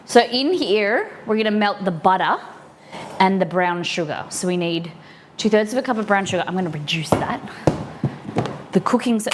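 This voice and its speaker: A woman's voice: medium pitch, animated, moderate pace, background noise. Chatty woman cooking live for chat. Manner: chatty, answers chat while cooking and reading a recipe aloud. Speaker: live-stream cooking host. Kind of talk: casual live-stream chat. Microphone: streaming mic.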